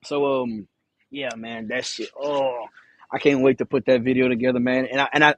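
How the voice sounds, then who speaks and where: A man's voice: medium pitch, no room sound, highs cut off. Profane, rambling trucker man. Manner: rambling, profane, repeats himself, stutters. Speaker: truck driver vlogger. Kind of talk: casual storytelling to camera. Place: in his truck.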